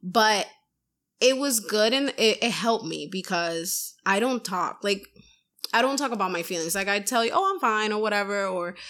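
Young female podcaster, casual chat, animated storyteller who voices others' lines. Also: mid-range voice, normal speed. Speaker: podcast host.

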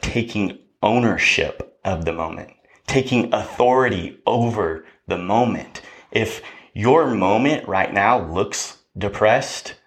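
A man hosting a podcast, giving a motivational talk in a preachy way, often checking in with "right?". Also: fairly low pitch. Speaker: podcast host.

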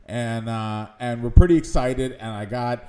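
A man's voice: mid-range voice, a little slow, dark tone. A man casually telling a rambling, self-mocking story about a first hunt, with many restarts. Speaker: guest storyteller. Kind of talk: casual chat.

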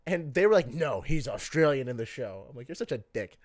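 A young man co-hosting a casual podcast chat, excitable and swearing, swinging between loud and quiet. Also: mid-range voice, a little fast, crowd noise. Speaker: podcast co-host.

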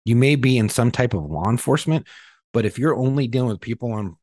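A man with a husky voice in casual, profane chat, telling stories bluntly and animatedly. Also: mid-range voice, animated, quick pace, a little mellow, no room sound.

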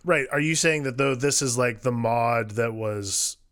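A man's voice: mid-range voice, measured pace, a bit bright. A man in a casual film discussion, asking probing follow-up questions.

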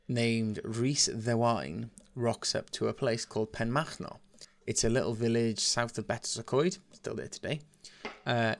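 A man's voice: medium pitch, gravelly. A man casually retelling a legend as a podcast host, swearing and laughing as he goes. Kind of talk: casual storytelling.

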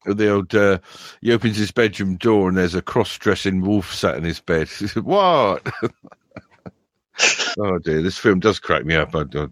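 A podcast host with a very deep voice, telling rambling stories with frequent chuckles. The sound is dry and close. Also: male voice, fairly even intonation, moderate pace, dry recording. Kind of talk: casual podcast chat.

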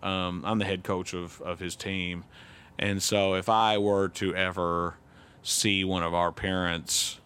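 Male podcast co-host, low and smooth voice, loose candid rambling chat. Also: flat delivery, measured pace, fairly bright tone. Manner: rambling, self-correcting, candid. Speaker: youth T-ball head coach. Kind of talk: casual chat.

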